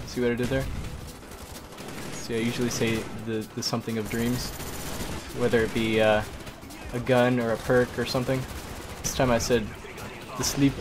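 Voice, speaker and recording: A man's voice: mid-range voice, level tone, moderate pace, pauses often. A tired man giving rambling, casual commentary on his own gameplay, talking to himself and swapping swear words for mild ones. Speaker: gaming commentator. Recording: game audio with music underneath.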